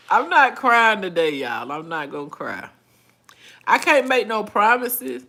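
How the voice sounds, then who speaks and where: Laid-back, bright-voiced woman livestreamer. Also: mid-range voice. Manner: chatty, laughs often, folksy phrasing. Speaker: livestream host. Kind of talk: casual live chat reading viewer comments.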